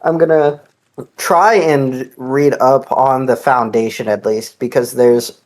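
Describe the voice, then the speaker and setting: A podcast co-host in casual chat, excitable and blunt, swearing offhand. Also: mid-range voice, takes it slowly.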